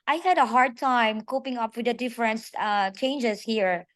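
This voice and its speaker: A woman's voice: a little high, normal speed, no echo. A woman teacher, speaking hesitantly with many fillers on a video call. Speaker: teacher, meeting participant. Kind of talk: casual sharing on a video call.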